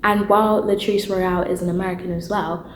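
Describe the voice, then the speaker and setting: A woman's voice: lowish voice, brisk, echoey room, slight background noise, low-quality recording. A young woman and drama student, chatting animatedly in a casual vlog. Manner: chatty and animated, with asides and laughs.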